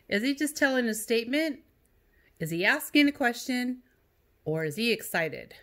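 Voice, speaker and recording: A woman's voice: a little high, sing-song, moderate pace, a bit bright. Patient woman teaching a video lesson. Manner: patient, sing-song reading of example sentences. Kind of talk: remote class lesson to young students.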